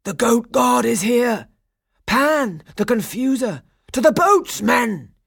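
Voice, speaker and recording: A woman voicing a brutish, cruel male pirate chief in a storybook audiobook, growling slowly and shouting in alarm. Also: mid-range voice, wildly swooping pitch, gravelly, husky, no room sound, clean studio sound, full character voice. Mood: panicked shouting. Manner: slow growling menace, then panicked bellowing.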